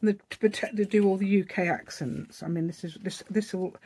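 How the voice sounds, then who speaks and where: A woman's voice: medium pitch, steady tone, fairly quick, warm tone, breathy edge. A woman with an East Midlands English accent, chatting and rambling as she demonstrates a paper craft project step by step. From East Midlands, England. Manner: rambling, chatty, thinking aloud while working. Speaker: craft channel host. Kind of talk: casual crafting tutorial.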